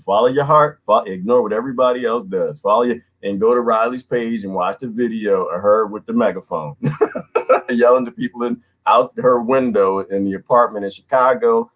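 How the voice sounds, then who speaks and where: Casting: husky middle-aged male livestream host, lively up-and-down delivery, chatty and blunt. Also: medium pitch. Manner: animated, talks to viewers and reads comments aloud. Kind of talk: casual livestream monologue.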